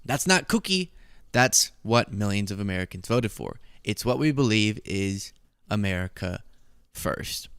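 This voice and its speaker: Animated, sarcastic male commentator. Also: fairly low pitch, measured pace, smooth, no room sound, studio quality. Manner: sarcastic and mocking, laughing at his own jokes. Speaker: political commentary host. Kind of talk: casual political commentary.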